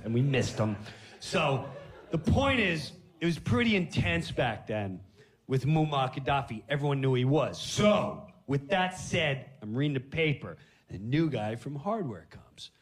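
A man hosting a podcast and telling comic stories, animated and laughing, jumping into voices. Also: mid-range voice. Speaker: podcast host. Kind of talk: comic storytelling.

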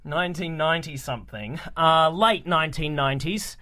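A man's voice: fairly high pitch, normal speed, pushed and bright. A young man, co-hosting a casual podcast chat, rambling and restarting his sentences. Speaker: podcast co-host.

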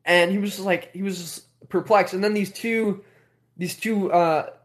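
High-voiced man rambling animatedly. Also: unhurried. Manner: rambling, animated, heavy on filler words. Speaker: host. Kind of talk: casual storytelling on a livestream.

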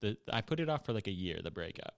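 A young man on a podcast, telling a story in casual chat, laughing often and getting animated. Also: on the low side, quick pace, dry recording, clean studio sound. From Buffalo. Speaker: podcast guest.

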